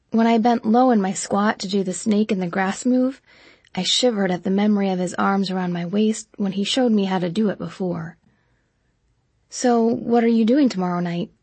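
A woman narrating an audiobook in the first person, with a husky voice and an even storytelling manner. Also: medium pitch, no echo.

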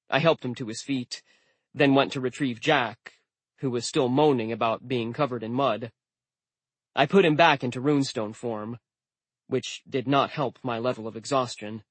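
A man narrating a novel in the first person with a steady, wry, measured delivery. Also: mid-range voice, dry recording. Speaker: audiobook narrator.

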